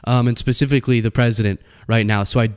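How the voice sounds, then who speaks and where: A man's voice: fast, smooth. A young man hosting a casual political commentary show, telling stories and acting out the people in them. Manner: animated storytelling, acts out quoted people in high voices.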